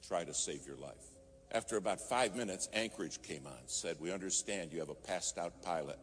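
A man's voice: deep voice, fairly quick. A man preaching a sermon, telling a story and rising to fervent emphasis. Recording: music playing behind.

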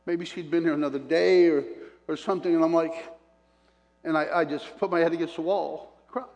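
A man's voice: fairly high pitch, steady tone, brisk, gravelly, a little mellow. A man preaching a sermon, telling personal stories, chuckling between points and acting out what people said. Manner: storytelling, chuckles between points, acts out quotes. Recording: long hall reverb.

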